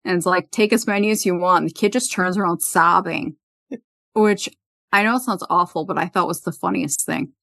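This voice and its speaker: A woman's voice: lowish voice, normal speed, creaky, a bit bright, no echo. A woman hosting a podcast, casually retelling an episode's scenes and quoting the characters. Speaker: podcast host. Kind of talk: casual recap chat.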